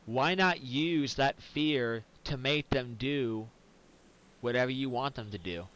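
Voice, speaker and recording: A man's voice: medium pitch, slow pace, a bit bright, rough recording. Tipsy, rambling, profane man. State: tipsy from whiskey. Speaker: gaming commentator. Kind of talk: casual game commentary.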